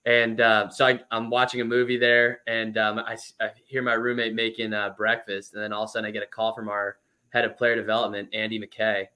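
A man in his twenties, a former pro baseball player, telling stories as a guest in a casual interview, chatty and lively with lots of fillers. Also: fairly low pitch, fairly quick, clear, resonant tone.

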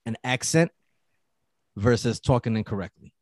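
A man with a Bronx accent, talking loud and animated in casual podcast banter, breaking into laughs often. His voice is dry and close on the mic, pitched in an ordinary middle range. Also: moderate pace, no echo. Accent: New York (Bronx). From the Bronx, New York. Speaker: podcast co-host. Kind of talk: casual chat.

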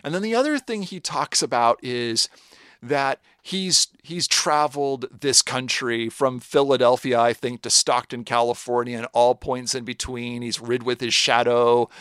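A man's voice: mid-range voice, a little slow, a bit bright, smooth, dry recording. Dry-miked man musing on a podcast. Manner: thoughtful, rambling, jokey asides. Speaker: podcast co-host. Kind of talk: casual podcast discussion.

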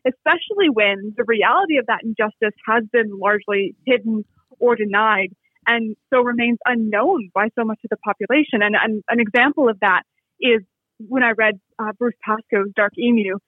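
A Canadian author, appearing as an interview guest, speaks thoughtfully and reflectively, often restarting his sentences. His voice is high with a breathy edge at normal speed. The recording is dry and comes through a tinny, phone-like line.

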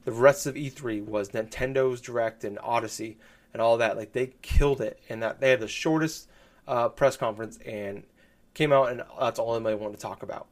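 A man's voice: mid-range voice, a little fast. A man chatting casually about video games on a podcast, rambling with lots of fillers and restarts. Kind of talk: casual gaming podcast chat.

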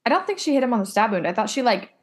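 Blunt, higher-voiced woman podcast host. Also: sing-song, racing. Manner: emphatic, blunt, swears freely. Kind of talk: casual chat recapping a TV episode.

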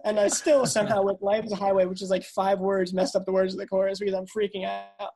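With a little hiss or hum in the audio, a woman in her twenties speaks at medium pitch and a quick pace. A guest musician on a video call, she tells a story with lots of energy, voices the quoted dialogue, and says "dude" and "bro" in a casual storytelling interview.

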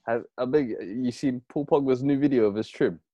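A man chatting on a podcast in an excitable, slangy way. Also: mid-range voice, normal speed, dry recording, lo-fi sound. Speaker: podcast co-host. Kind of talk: casual chat.

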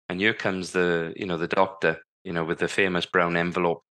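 Deep-voiced man telling a vivid story. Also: flat delivery, brisk, hardly any pauses, fairly bright tone. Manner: vivid storyteller who acts out remembered dialogue. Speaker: guest, former Paralympic cycling champion. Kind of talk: storytelling in a podcast interview.

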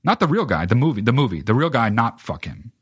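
A man's voice: mid-range voice, big pitch swings, quick pace, breathy edge, dry recording, studio quality. A man hosting a solo podcast, ranting casually about films in a profane, rambling way with lots of filler words. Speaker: podcast host. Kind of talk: casual solo film rant.

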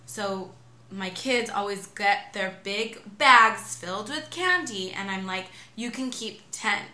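An American woman in her thirties co-hosting a podcast, animated and playful, with quick exclamations. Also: medium pitch. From United States. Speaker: podcast co-host. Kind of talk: casual chat. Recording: echoey room.

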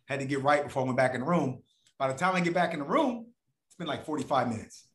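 Animated man telling stories, echoey room. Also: medium pitch, fast talker. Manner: animated, profane, acts out voices of others. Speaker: podcast guest. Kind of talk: casual storytelling.

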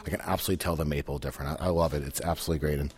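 A man's voice: extremely low pitch, fairly even intonation, racing, darkish tone, husky. A man, a chef and cookbook author, giving an enthusiastic cooking demonstration on the radio and often repeating words as he starts a sentence.

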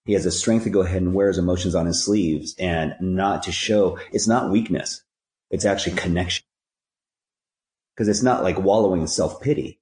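A man's voice: low-pitched, normal speed, darkish tone, echoey room. A man speaking as a podcast guest, telling stories and giving earnest, preachy life advice with rhyming catchphrases. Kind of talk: conversational storytelling and life advice.

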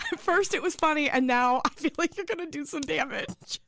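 A woman's voice: high-pitched, animated, normal speed, vocal fry, a bit bright. A woman co-hosting a casual podcast, teasing and laughing often. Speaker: co-host.

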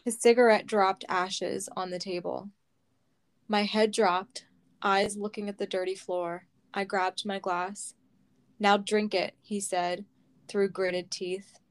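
A woman reading her own personal memoir aloud, slow and heavy, close to tears. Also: medium pitch, fairly even intonation. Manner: slow, heavy, measured storytelling.

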